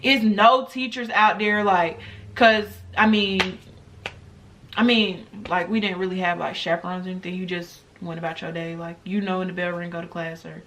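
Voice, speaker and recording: Animated bright-voiced young woman storyteller. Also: on the low side, normal speed, slight background noise. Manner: animated, chatty, addresses viewers directly. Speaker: vlogger. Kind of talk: storytime vlog.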